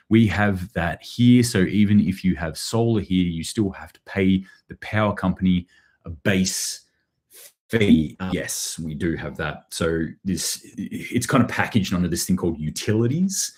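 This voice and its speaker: Australian male host, deep, sardonic, rambling live commentary. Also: animated, moderate pace, darkish tone. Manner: sardonic, rambling, with dry sarcasm. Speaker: prepping channel host. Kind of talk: casual live news commentary.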